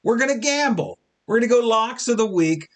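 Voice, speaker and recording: A lively man rants through his sports talk show with a high, bouncing voice. He jokes his way along, a little tipsy and loose, and his pitch leaps all over when he gets going. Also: brisk. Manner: animated, joking, mimics fans in quotes. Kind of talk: casual sports talk monologue.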